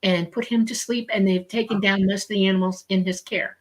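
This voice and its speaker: A woman's voice: medium pitch, fairly even intonation, a little fast. A woman co-hosting a live show, talkative and emphatic, thanking a sponsor and chatting loosely with restarts. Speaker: podcast co-host. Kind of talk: casual chat and sponsor thanks.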